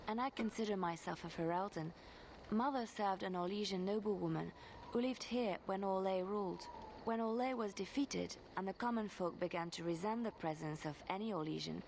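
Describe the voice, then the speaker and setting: A woman voicing a gentle young female bard who softly recalls her childhood in a video game. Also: medium pitch, normal speed, a little hiss or hum, natural voice, poor audio. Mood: wistful. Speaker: game character.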